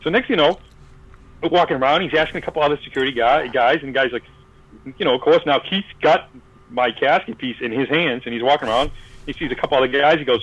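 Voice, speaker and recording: A man's voice: medium pitch, quick pace, a bit bright, low-quality recording. A man telling a long story in casual podcast chat, acting out the voices of the people in it, with many fillers and restarts. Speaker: podcast guest.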